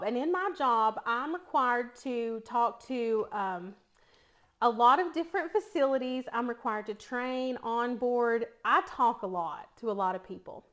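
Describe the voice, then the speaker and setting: Chatty East Tennessee woman, higher voice. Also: fairly bright tone. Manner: chatty storyteller, laughs often. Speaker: cooking vlogger. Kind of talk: casual chat while cooking.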